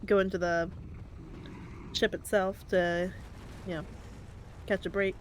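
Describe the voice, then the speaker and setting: A woman's voice: medium pitch, level tone, slow pace, slight background noise. A woman casually playing in a tabletop game, offering suggestions. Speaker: player.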